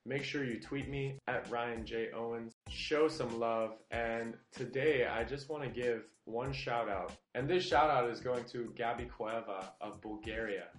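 A man hosting an athlete interview podcast, introducing his guest in an upbeat, energetic way. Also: mid-range voice, measured pace, few pauses. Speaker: podcast host. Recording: roomy echo.

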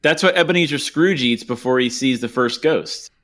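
Guy guesting on a podcast, jokey, throws in references fast. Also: mid-range voice, a bit bright. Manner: joking, quick with book references. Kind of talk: casual chat.

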